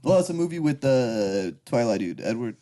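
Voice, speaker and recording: A man's voice: mid-range voice, sing-song, normal speed, dark tone. A man co-hosting a comedy podcast in casual chat, laughing often and jumping into jokes. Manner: laughs often, jumps into jokes and silly voices. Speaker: podcast co-host.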